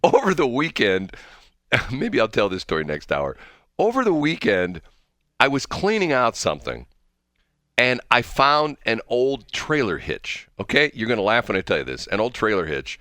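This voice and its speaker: A man's voice: medium pitch, wildly swooping pitch, moderate pace, fairly bright tone, no room sound, studio quality. A man hosting a morning radio show in casual banter, rambling, drifting off track and laughing often.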